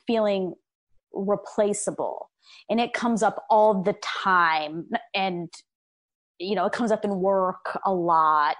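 A young adult woman, a podcast guest, talking openly and reflectively with many fillers and restarts. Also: medium pitch. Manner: open, self-reflective, frequent fillers and restarts. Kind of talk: candid conversational interview.

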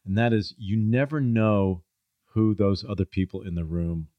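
A man's voice: lowish voice, normal speed, dry recording, narrow, tinny audio. A middle-aged man, a guest in a casual conversation, telling stories and acting out the people he quotes. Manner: storytelling, acts out quoted people in a raised voice.

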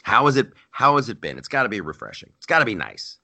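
A man co-hosting a podcast, telling stories in casual chat with loud, animated outbursts. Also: fairly low pitch, fast, gravelly. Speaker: podcast co-host. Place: lives in New York.

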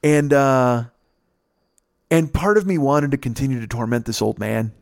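A man telling a casual, profane story on a podcast, jumping up in pitch to mimic the people in it. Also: normal speed, gravelly, no echo, studio quality. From United States. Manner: animated, profane, mimics others with pitch jumps. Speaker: podcast host.

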